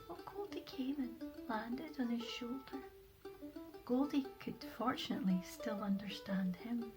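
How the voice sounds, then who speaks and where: Lively woman telling a story. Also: a little high, unhurried, over music, rough recording. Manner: lively, dropping to soft whispers. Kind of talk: children's story narration.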